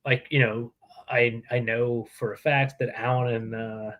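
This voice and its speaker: A man's voice: mid-range voice, level tone, unhurried, highs cut off. A man co-hosting a casual podcast chat, teasing his co-hosts with crude insults. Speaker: podcast co-host.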